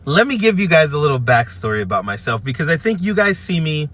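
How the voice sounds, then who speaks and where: A man of fifty telling a casual story to camera from his parked car, animated, acting out what people said, with frequent restarts. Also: on the high side, fast. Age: 50s. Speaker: vlogger. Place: parked at a car charging spot by a busy street.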